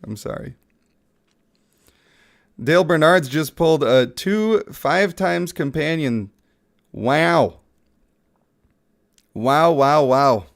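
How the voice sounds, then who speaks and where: A man's voice: medium pitch, creaky. A man who is sick, giving casual, playful live-stream commentary on a mobile game and chatting with viewers.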